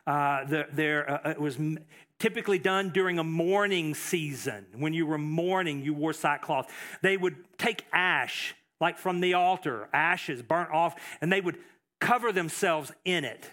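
A man's voice: on the high side, unhurried, fairly bright tone. A man preaching a sermon as pastor, emphatic, repeating phrases, with fillers and restarts.

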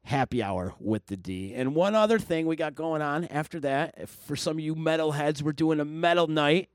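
A man hosting a podcast, loudly plugging local events and sponsors in casual chat. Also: on the high side, moderate pace, no room sound, studio quality. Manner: energetic, plugs events loudly. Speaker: podcast host.

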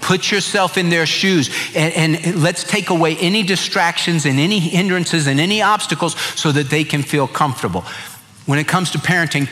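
A middle-aged male pastor delivers a sermon full of folksy humor in a bright, slightly high-pitched voice. A long reverb trails each phrase, as in a large church hall.

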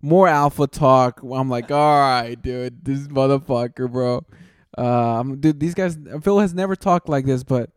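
A man's voice: medium pitch, unhurried, smooth, dry recording, clean studio sound. A young man telling a long story in casual chat, rambling and saying "dude" constantly, often laughing at himself.

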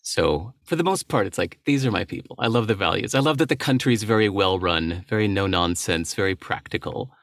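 Low-voiced man musing in an interview. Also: animated, brisk, hardly any pauses, a bit bright, dry recording, studio quality. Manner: thoughtful, candid, with small laughs and restarts. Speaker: guest, writer and entrepreneur. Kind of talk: reflective interview talk.

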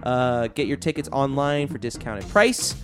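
A man's voice: medium pitch, lively intonation, unhurried, faint music behind. A man hosting a casual podcast, wrapping up the episode in an upbeat, loose way with plenty of fillers. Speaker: podcast host.

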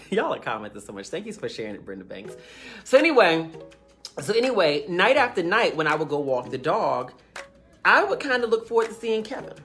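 A woman with a low voice tells a long casual story to her livestream audience. She rambles and restarts her sentences, and background music plays clearly under her voice. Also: very animated, brisk, a bit bright. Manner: chatty, rambling, many fillers and restarts. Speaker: livestream host telling a story.

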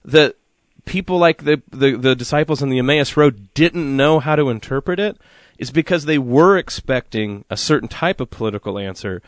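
A man co-hosting a Catholic radio talk show, telling stories with lively asides and many fillers. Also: medium pitch, normal speed, no echo, clean studio sound. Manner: animated storytelling with many fillers. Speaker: radio co-host. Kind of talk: casual faith discussion.

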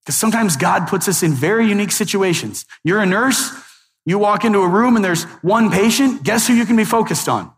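A male pastor preaching a sermon in a lively, conversational way with joking asides. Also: sits high, brisk. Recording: echoey hall.

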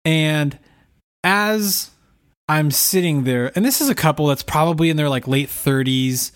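A man chatting casually as a podcast co-host, telling a story with lively, animated delivery and mimicked voices. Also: on the high side, measured pace, clear, resonant tone. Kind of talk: casual chat.

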